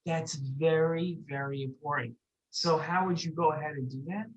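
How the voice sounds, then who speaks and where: Gentle kids' torah teacher telling a story, leans on repeated words. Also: mid-range voice, steady tone, moderate pace, dull audio. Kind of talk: storytelling lesson for children.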